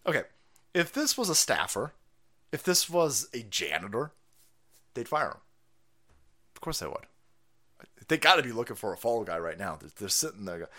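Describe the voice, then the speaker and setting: A man's voice: medium pitch, a bit bright. A man hosting a livestream, ranting in profane, mocking commentary and laughing often. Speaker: livestream host.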